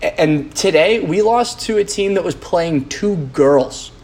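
A man's voice: high-pitched, animated, measured pace, a little mellow. A man, a podcast host, rambling in a casual monologue, blunt and profane, full of "like" and restarts.

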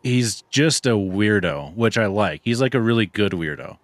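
A man's voice: lowish voice, moderate pace, dry recording. Laid-back young male podcast host. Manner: relaxed, laughing, rambling. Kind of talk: casual chat.

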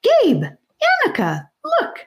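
A woman voicing a young, emotional and eager boy in a squeaky, high excited voice. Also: takes it slowly, heavily acted.

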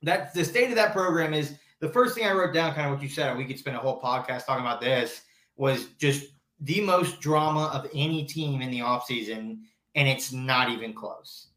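A man's voice: medium pitch, moderate pace, a bit bright. A man co-hosting a podcast in casual chat, agreeable and a bit rambling. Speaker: podcast co-host. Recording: echoey room.

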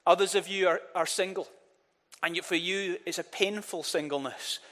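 A man with a fairly high voice preaches a sermon in an earnest tone, doubling back on his words and asking the congregation to speak with him. His voice rings with a long reverb from a church hall. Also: moderate pace, a bit bright. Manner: earnest, repeats words, leads the congregation in call-and-response.

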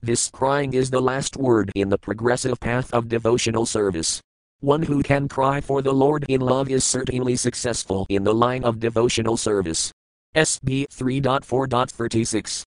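A man's voice: medium pitch, normal speed, no room sound, rough recording. A man steadily reciting scripture, reading verses, word meanings and commentary. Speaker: scripture reader.

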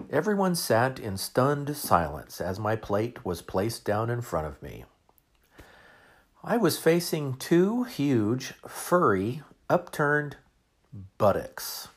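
A man in his forties, a podcast host, telling a humorous story in a wry, self-mocking way. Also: fairly low pitch.

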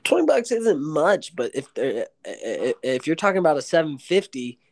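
A man's voice: a little high, very animated, normal speed, vocal fry, darkish tone. A young man co-hosting a podcast, chatting casually and hesitantly with restarts, laughs and constant "bro". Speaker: podcast co-host.

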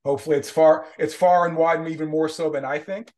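A man's voice: fairly high pitch, steady tone, quick pace, darkish tone. A man hosting a casual interview, repeating words as he sets up his questions. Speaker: interview host.

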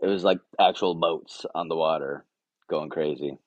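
Deep-voiced joking man. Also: steady tone, normal speed, no echo, lo-fi sound. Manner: joking, irreverent. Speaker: podcast co-host. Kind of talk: casual chat.

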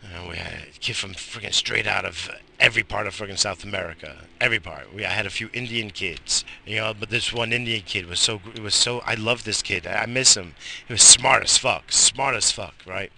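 A young man from Long Island rambles through a casual, profane monologue, a little high, circling back and restarting his thoughts. His voice is low and gravelly but has a sharp, bright edge. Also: a little fast, slight background noise. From Long Island, New York. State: slightly high. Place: outdoors in bright sun.

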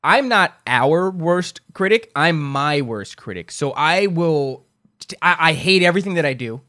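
A man's voice: a little high, animated, unhurried, pushed and bright, dry recording, clean studio sound. A man co-hosting a podcast, telling crude, rambling stories in casual chat with a small, shrieky voice. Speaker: podcast co-host.

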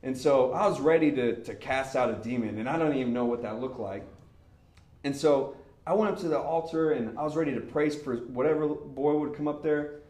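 Echoey young preacher telling a story. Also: male voice, medium pitch, brisk. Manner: animated, acts out voices in his story, laughs often. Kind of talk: casual storytelling sermon. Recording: echoey room.

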